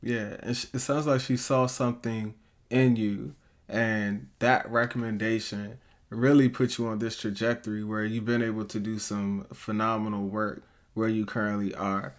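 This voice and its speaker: A man's voice: on the low side, flat delivery, normal speed. A man hosting a podcast interview, affirming and summing up his guest's story, heard over a video call. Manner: affirming, reflects back what the guest says. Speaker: podcast host.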